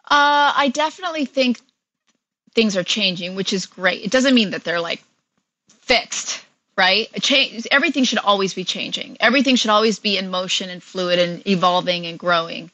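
A woman's voice: mid-range voice, normal speed, sharp tone, no room sound, poor audio. A woman guest on an interview, an actress chatting casually with lots of fillers and frequent laughs.

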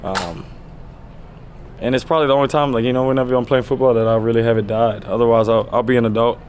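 A man in his thirties, a pro football player, answering reporters at a press conference in a loose, relaxed way, full of "you know" fillers. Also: medium pitch, fast talker, noisy background.

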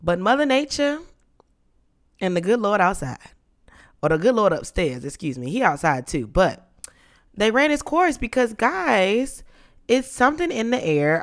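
A young woman hosting a podcast in casual chat, playful and dramatic, her voice lowered and rough from being sick. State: sick, voice deeper than usual. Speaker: podcast host.

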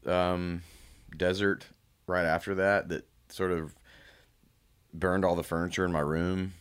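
A man in his thirties talking candidly as a guest, reflective and halting, with frequent restarts. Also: deep voice, clean tone. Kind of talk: candid personal conversation.

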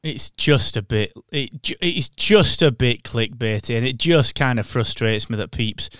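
A man's voice: mid-range voice, a little slow, a bit bright, clear, resonant tone, no echo, studio quality. A man co-hosting a podcast in casual chat, sarcastic and mocking, breaking into impressions. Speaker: podcast co-host.

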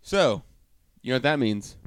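A man's voice: medium pitch, expressive, moderate pace, clear, resonant tone, no echo, studio quality. A man co-hosting a casual beer-tasting podcast, joking and laughing often while reading beer labels aloud. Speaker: podcast co-host.

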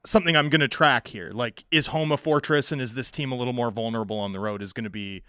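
A man's voice: mid-range voice, fast talker, sharp tone, smooth, no room sound, clean studio sound. A man co-hosting a casual sports podcast, chatty, stumbling over restarts and fillers. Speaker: podcast co-host.

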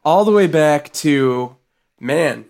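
A man co-hosting a podcast, with a fairly high voice and a very lively pitch. He reacts with animated, jokey enthusiasm. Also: slow. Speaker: podcast co-host. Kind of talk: casual chat.

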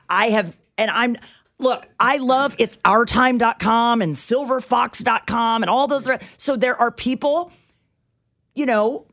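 A woman's voice: a little high, a bit bright. A woman co-hosting a radio show, chatty and wry in morning banter.

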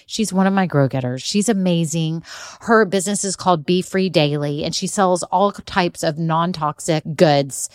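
A woman's voice: on the low side, normal speed, dry recording, studio quality. A woman hosting her own podcast as a business coach, talking in an upbeat, encouraging, chatty way. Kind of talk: solo podcast talk.

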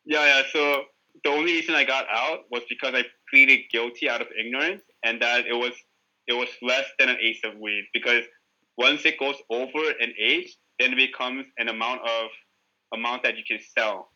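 A man chats as a podcast guest, spinning a loose story thick with swearing and filler words. His voice is sharp and very bright. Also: mid-range voice, fairly even intonation, normal speed, rough recording. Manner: rambling, profane, heavy use of filler "like". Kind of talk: casual storytelling chat.

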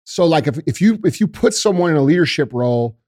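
A man's voice: on the high side, lively intonation, fast, a little mellow, no echo, clean studio sound. A man on a podcast talking about leadership in an intense, fiery way, swearing often and calling people bro and dude. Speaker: podcast guest. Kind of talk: casual podcast interview.

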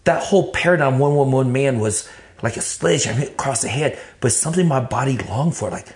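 A man from Texas, telling his life story in casual, animated talk full of cursing, acting out his own past thoughts. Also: mid-range voice, fast talker.

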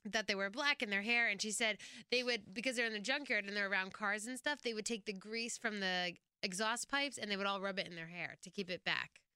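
A woman co-hosting a casual podcast, chatty and quick to react. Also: medium pitch, pushed and bright, smooth, dry recording, studio quality. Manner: chatty, frequent "like" fillers. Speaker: podcast co-host. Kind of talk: casual chat.

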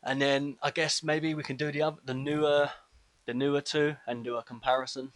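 A man co-hosting a casual film review podcast, talking in a relaxed, hesitant way with plenty of fillers. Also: a little high, a little fast, no echo. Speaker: podcast co-host.

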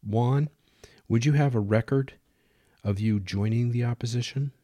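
A man voicing Mister Perkins, a dignified man who speaks in calm, measured sentences. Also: medium pitch, no echo, close to an everyday voice. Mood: earnest. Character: Mister Perkins, a proud, steady American man.

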